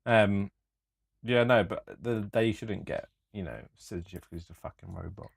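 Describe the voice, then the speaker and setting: Low-voiced laid-back young man. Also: normal speed, gravelly, slightly rough, dry recording, studio quality. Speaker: podcast co-host. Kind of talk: casual livestream chat.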